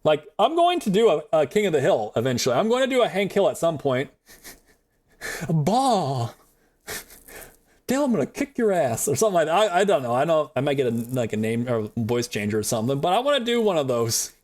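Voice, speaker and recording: A man's voice: fairly high pitch, very animated, fast, hardly any pauses, darkish tone. A man streaming a video game, talking in casual commentary; he jokes, swears and rambles, laughing often. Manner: joking, profane, rambling with frequent laughs.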